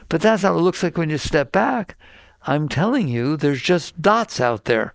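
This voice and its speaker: An older man giving an informal spiritual talk to a group, asking questions and answering them himself in a lively conversational way. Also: fairly high pitch, unhurried, gravelly, dry recording. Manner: animated, conversational, asks and answers his own questions. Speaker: spiritual teacher.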